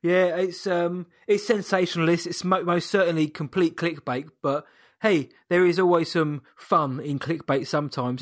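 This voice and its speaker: A man co-hosting a casual chat in a measured, thoughtful way with dry humor. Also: a little high, dry recording. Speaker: podcast co-host.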